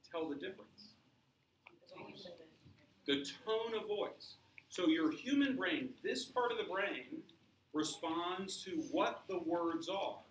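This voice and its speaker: A man's voice: high-pitched, fairly bright tone, a little hiss or hum. A man teaching science to a class, explaining with examples and asking students questions. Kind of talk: classroom lecture. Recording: echoey classroom from far off.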